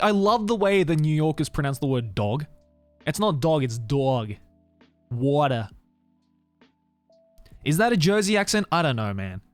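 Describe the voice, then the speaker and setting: A man's voice: on the high side, no echo. An Australian man streaming and chatting casually, rambling with lots of fillers and restarts. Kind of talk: casual livestream chat.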